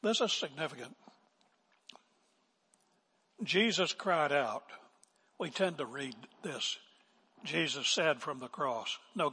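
Older male pastor, husky and unhurried, emphatic sermon delivery with sudden hushed drops, long hall reverb. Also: mid-range voice. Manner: emphatic preaching, swinging from loud declarations to hushed asides.

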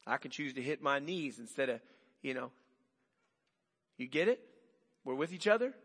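A male pastor preaching a sermon in an animated way, asking the congregation rhetorical questions. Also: medium pitch, normal speed, breathy edge. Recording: long hall reverb.

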